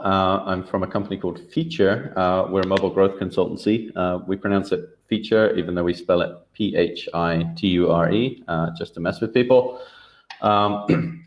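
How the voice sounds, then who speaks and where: Man, very low voice, online workshop talk, relaxed, lots of uhs, dull lo-fi call audio. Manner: relaxed, many filler uhs and restarts. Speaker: workshop speaker.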